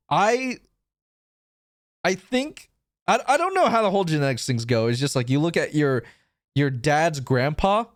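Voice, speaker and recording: Young guy streamer rambling and cussing, kinda high voice for a dude, dry close mic. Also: no echo. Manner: rambling, swearing, self-mocking. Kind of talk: casual stream chat.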